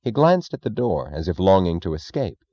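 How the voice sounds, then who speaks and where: A man narrating an audiobook in a steady, deliberate reading. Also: deep voice, dry recording, muffled recording.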